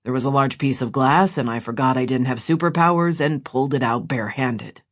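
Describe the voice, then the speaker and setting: A man's voice: mid-range voice, brisk, a bit bright, natural voice. A man voicing Gabriel, a dry, grumbling doctor and younger brother, in an audiobook.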